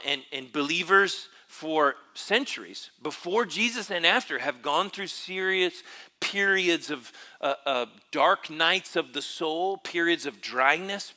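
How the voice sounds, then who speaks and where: Reflective male pastor, bright voice. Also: fairly high pitch. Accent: Texan. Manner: reflective, searching, with frequent fillers and restarts. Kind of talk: sermon. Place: church.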